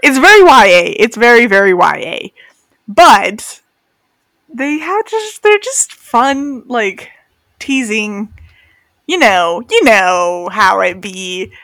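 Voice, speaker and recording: A woman's voice: a little high, sing-song, takes it slowly, pauses often, a bit bright, no room sound. A young woman co-hosting a podcast, chatting in a giggly, laid-back way. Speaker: podcast co-host. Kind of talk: casual chat.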